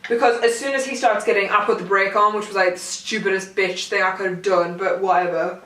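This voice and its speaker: A young woman vlogger tells a rambling, self-mocking story to camera in a room at home, picked up by a distant mic with a roomy sound. Her mid-range voice is fairly bright and fairly quick, with fairly even intonation.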